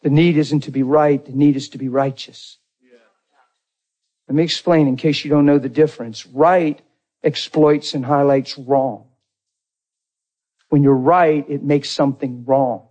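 A man preaching a sermon in a dramatic way, jumping from loud exclamations to hushed low lines. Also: steady tone, a little slow, pauses often.

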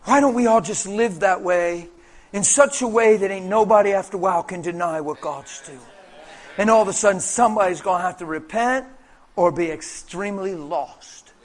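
Fired-up guy preaching, really high voice, goes quiet then loud telling his story. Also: moderate pace. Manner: impassioned, swings between hushed and booming. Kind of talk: testimony-style sermon storytelling.

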